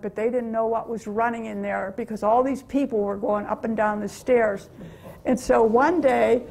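Older woman with a gravelly voice telling stories. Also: a little high. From USA. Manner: chatty storytelling, laughs often. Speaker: guest speaker. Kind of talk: testimony to a church meeting. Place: church meeting room.

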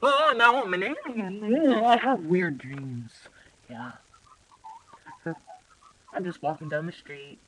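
A man's voice: high-pitched, takes it slowly, long pauses, sharp tone, husky, full character voice, poor audio. A man voicing a goofy, easily upset male movie star in an improvised comic voice-over, with whiny, exaggerated complaints. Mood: silly.

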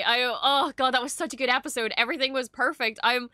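Bright, excitable young woman reacting. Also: high voice, a little fast, smooth, no room sound, studio quality. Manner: excitable, swears a lot, gushing. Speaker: reaction streamer. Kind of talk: casual reaction chat.

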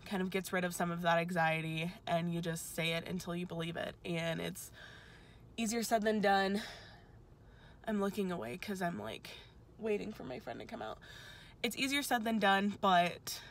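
A woman's voice: on the low side, fairly bright tone. A young woman, rambling and emotional as she vlogs just after finishing an exam. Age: young adult. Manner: rambling, emotional, talks in quick asides. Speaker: vlogger. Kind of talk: casual vlog chat. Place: outside a testing center.

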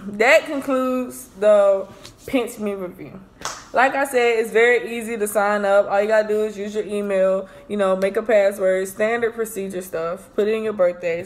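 Excitable chatty young woman vlogger. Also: medium pitch, a little hiss or hum. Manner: excitable, chatty, addresses viewers as y'all. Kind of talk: casual product review chat.

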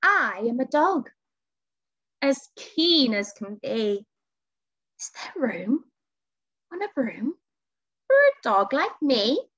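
A woman voicing an eager, keen male dog in a storybook, speaking high and loud in a dull lo-fi recording. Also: very animated, slow pace, long pauses, no echo, full character voice.

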